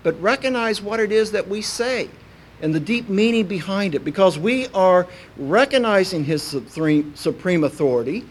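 A man's voice: high-pitched, animated, moderate pace, breathy edge. A man from preaching a sermon in a folksy, anecdotal way, with many "uh" fillers. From Kentucky, USA.

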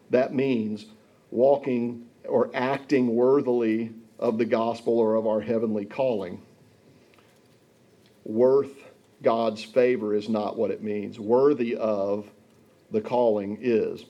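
Slow, mellow-voiced male preacher. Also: mid-range voice. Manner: slow, deliberate Bible teaching with scripture readings. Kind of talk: sermon.

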